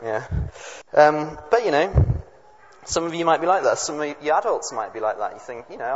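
A man at a family service, reading a Bible story aloud and explaining it to the children in a chatty way, with quick asides to the audience. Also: a little high, expressive. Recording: echoey hall, dull lo-fi sound, faint noise.

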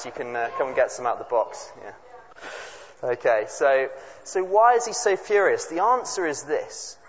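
A man at a family service, reading a Bible story aloud and explaining it to the children in a chatty way, with quick asides to the audience. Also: medium pitch. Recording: echoey hall, dull lo-fi sound, faint noise.

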